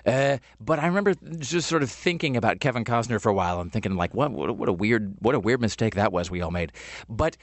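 Fast-talking rambling male podcast host. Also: lowish voice, dry recording. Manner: rambling, joking, animated. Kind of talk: casual chat.

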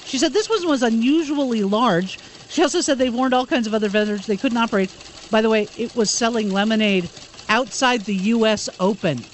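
A woman's voice: on the high side, fairly quick. A woman reads quirky news items on a chat show, stumbling over fillers as she goes. A faint hiss sits behind her voice. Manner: reads stories with hesitant fillers. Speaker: entertainment news reader. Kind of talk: news reading with casual asides.

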